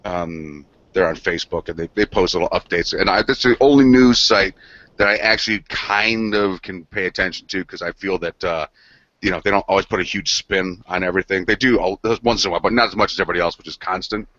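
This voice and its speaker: A man's voice: deep voice, quick pace, a bit bright, no room sound. A man on a gaming news show, telling a rambling, profane story between laughs. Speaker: podcast co-host. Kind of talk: casual chat. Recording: dull lo-fi sound.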